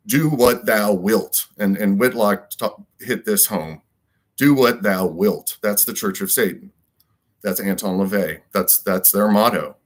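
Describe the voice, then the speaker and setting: A man giving a rambling solo monologue as a commentator, emphatic and repetitive and full of rhetorical questions. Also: lowish voice. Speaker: political commentator.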